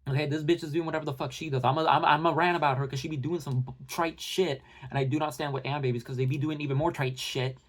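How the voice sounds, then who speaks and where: Give me a young man with a higher voice doing a heated, profane rant. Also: fairly even intonation. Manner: fast bursts of talk with many fillers. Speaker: commentary channel host. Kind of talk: heated casual rant to viewers.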